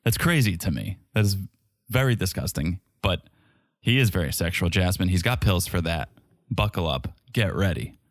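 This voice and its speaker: With a deep voice and lively intonation, a podcast co-host recaps a reality show at a moderate pace. The chat is casual and his commentary wry and sarcastic, recorded in clean studio sound with no room tone.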